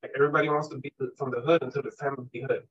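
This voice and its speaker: A man's voice: mid-range voice, fairly even intonation, rapid-fire, breathy edge, lo-fi sound. A man as a podcast guest telling candid stories, emphatic and swearing often, with frequent "right?" tags. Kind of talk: candid conversational storytelling.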